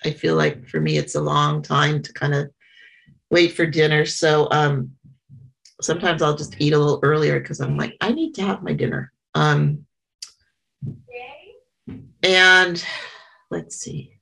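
A middle-aged woman sharing her story at a small meeting, halting and earnest, with frequent pauses and restarts. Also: low voice, steady tone, vocal fry, fairly bright tone, rough recording. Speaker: member sharing at a support meeting. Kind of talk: personal share at a small meeting.

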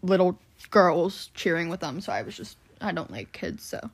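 A woman's voice: fairly low pitch, lively intonation, moderate pace. A young woman on a podcast, telling a story casually, full of "like" and swearing. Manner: rambling storytelling with lots of "like" and swearing. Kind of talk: casual chat.

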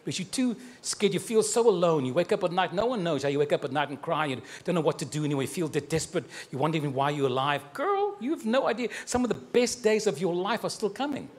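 A husky, somewhat high-pitched man delivers a live sermon, giving personal prophecies to people in the congregation. He is fervent and affectionate, speaking directly to each listener and mixing warmth with jokes and laughter. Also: expressive, quick pace, few pauses.

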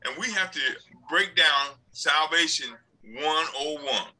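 Bright-voiced man leading a Bible study. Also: fairly high pitch, takes it slowly, low-quality recording. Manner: plays a doubtful convert to make his point. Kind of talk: church Bible study discussion.

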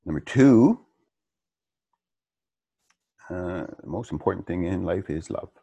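A man with a gravelly, somewhat husky voice talks through interview answers in a relaxed way. He pauses on fillers and chuckles as he thinks. The sound is dry and close. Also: sits low, no room sound. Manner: reflective, with chuckles and hesitant fillers. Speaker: interview guest.

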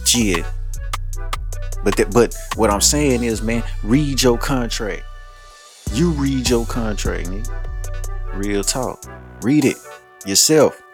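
A man riffs casually on a podcast, loose and profane, often breaking into laughter. His voice sits at an everyday middle pitch. Music plays clearly underneath him. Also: lively intonation, slow pace, long pauses. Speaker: podcast host.

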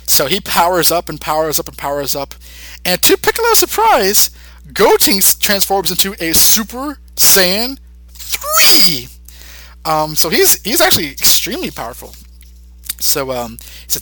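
Male podcast co-host, animated recapper, bright tone, dry booth sound. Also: a little high, dry recording, poor audio. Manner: animated, acts out character lines in quick put-on voices. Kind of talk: casual episode recap.

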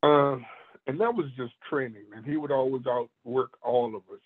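Male martial arts master, animated storyteller, husky, heard over a tinny phone-like line. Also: mid-range voice, moderate pace. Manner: animated storyteller, laughs often. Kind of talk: storytelling in a conversation.

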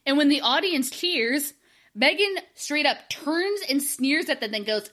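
Woman podcast host, high and lively voice, sarcastic, reads from notes. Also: a little slow. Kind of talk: casual comedic podcast chat.

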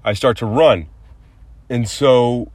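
A man's voice: mid-range voice, slow, a little mellow, no room sound. A man hosting a podcast, telling a personal story casually, rambling with many fillers and restarts. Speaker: podcast host.

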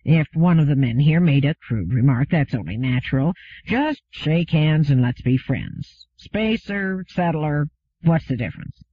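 A man doing a sneering, husky brute of a crewman. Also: a little high, lively intonation, measured pace, no room sound. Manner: sneering, threatening, growling. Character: brutish menacing male spaceship crewman. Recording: phone-like narrow sound.

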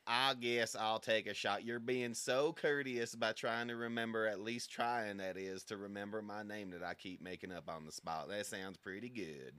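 A man's voice: on the low side, steady tone, normal speed, few pauses, fairly bright tone, smooth, dry recording. A man doing a ditzy guest bit in an improvised comedy sketch, chattering with "like" and "oh my God" all through. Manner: ditzy, "like"-filled valley-style chatter. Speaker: talk show guest.

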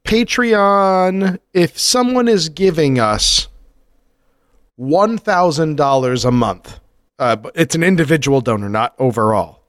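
Jokey podcast co-host, dry mic. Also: male voice, fairly high pitch, expressive, a bit bright, no echo. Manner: joking, riffs quickly with laughs. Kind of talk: casual podcast chat.

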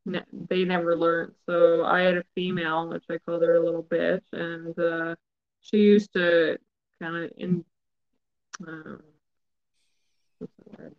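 A man's voice: a little high, little pitch movement, a little slow, pauses often, muffled recording. A man chatting casually, hesitant, often trailing off with fillers and small laughs. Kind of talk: casual chat.

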